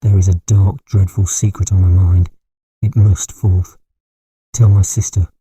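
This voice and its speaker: A man's voice: low voice, little pitch movement, unhurried, warm tone, slightly rough, dry recording, clean studio sound, exaggerated voice. A man voicing a delirious, dying middle-aged country squire who raves in frantic terror. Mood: terrified. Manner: raving, frantic, terror-stricken. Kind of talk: audiobook character voice.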